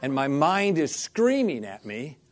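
A man's voice: on the high side, measured pace. A middle-aged man, a minister, telling a story in an interview and acting out the dialogue. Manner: animated storyteller, acts out quoted dialogue, repeats "I said".

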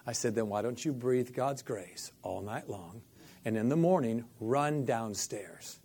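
Middle-aged man, storyteller, acts out every line of dialogue, mid-pitched voice. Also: moderate pace, breathy edge. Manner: animated storyteller, acts out quoted dialogue, repeats "I said". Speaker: faith healing minister telling a story. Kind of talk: storytelling interview.

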